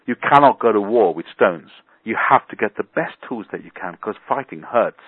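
A man coaching listeners with a blunt, colorful motivational talk. His pitch swings lively up and down, his voice a touch husky. It comes through dry and tinny, as if down a telephone line. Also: moderate pace, no room sound. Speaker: business coach. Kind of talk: motivational talk on a phone call.

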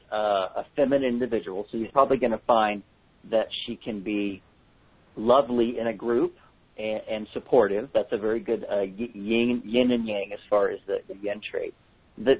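A man's voice: medium pitch, breathy edge. A man hosting a handwriting analysis seminar with callers, explaining in a chatty way with joking asides. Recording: tinny phone-line audio.

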